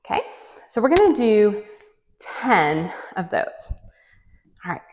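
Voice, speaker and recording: A woman's voice: mid-range voice, big pitch swings, slow pace, darkish tone, slight background noise. A woman leading a home workout, chatty and encouraging, counting reps and sometimes out of breath. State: out of breath at times. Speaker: fitness instructor. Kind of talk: guided home workout coaching. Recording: long reverb, echoey room.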